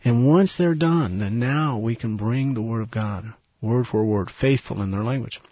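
A man, a missionary guest in an interview, telling an earnest, emotional story and dropping to a hushed voice at tender moments. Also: medium pitch, moderate pace, breathy edge, no echo, lo-fi sound.

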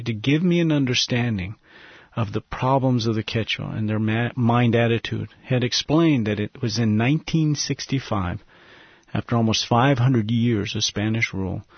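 A man, a missionary guest in an interview, telling an earnest, emotional story and dropping to a hushed voice at tender moments. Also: medium pitch, creaky, husky, dry recording, highs cut off.

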